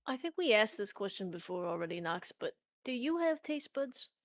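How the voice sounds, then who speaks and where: A woman's voice: medium pitch, sing-song, normal speed, no echo, studio quality. A woman playing a tabletop role-play, narrating her character, earnest with hesitant restarts. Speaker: player.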